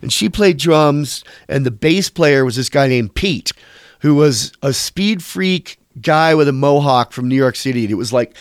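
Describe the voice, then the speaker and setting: A man's voice: on the high side, animated, normal speed, dry recording, clean studio sound. A man in his fifties, a musician being interviewed, telling long casual stories in a rambling, profane way. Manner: rambling, profane, slips into quoted voices.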